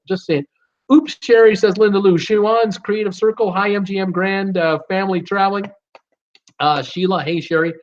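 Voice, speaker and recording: A man hosting a live stream, reading viewer comments aloud and answering them in an upbeat way with many fillers. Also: a little high. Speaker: host of a live cruise show. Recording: dull lo-fi stream audio.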